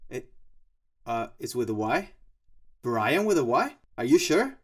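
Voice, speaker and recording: A man's voice: a little high, lively intonation, unhurried. A man hosting a casual walkthrough vlog about his own music, rambling and joking with many fillers and mock asides. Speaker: composer and channel host.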